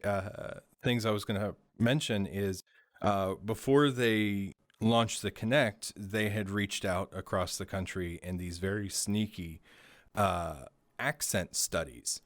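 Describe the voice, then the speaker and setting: A man from Maryland hosts a casual studio interview, his voice sitting on the low side. He jokes and laughs easily. The sound is dry and close, with little room around it. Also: dry recording. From Maryland, USA. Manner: joking, laughs often. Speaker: talk show host.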